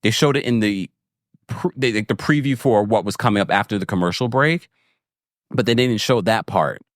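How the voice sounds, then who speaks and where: A man's voice: fairly low pitch, moderate pace, no echo, clean studio sound. A man hosting a podcast, recapping reality TV in a casual, playful and frank way, with the tone of a big brother to his listeners. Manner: animated and playful, with frequent laughs and asides. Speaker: podcast host.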